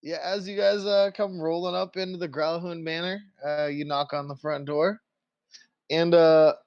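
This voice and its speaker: A man's voice: fairly high pitch, fairly even intonation, moderate pace, a little mellow, no echo, dull audio. A man narrating as game master of a tabletop game, loose and full of fillers. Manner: loose, filler-heavy, laughing easily.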